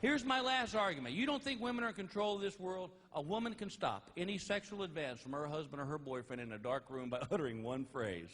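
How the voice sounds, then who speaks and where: A middle-aged man doing a stand-up comedy routine, telling stories animatedly and jumping into high put-on voices for others. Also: fast, hardly any pauses. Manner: animated storytelling with high-pitched put-on voices for wife and dog. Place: large theater stage with a laughing audience. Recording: live concert recording with audience noise.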